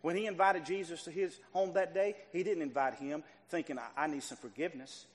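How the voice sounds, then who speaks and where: A man preaching a sermon, emphatic and repetitive, swinging from quiet stretches to loud bursts. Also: a little high, brisk. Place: church sanctuary. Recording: long reverb of a hall.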